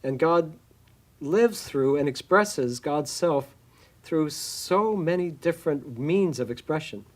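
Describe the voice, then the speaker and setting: Halting man, higher-pitched voice. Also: expressive. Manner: halting, frequent restarts and fillers. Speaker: church minister. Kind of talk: reflective interview answer.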